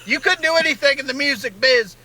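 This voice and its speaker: A man's voice: very high-pitched, fairly quick, bright, forceful tone, slight background noise, full character voice, rough recording. A comedian playing an indignant Southern man ranting about his favorite restaurant, in a folksy Southern drawl. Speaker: comedian in a satirical clip.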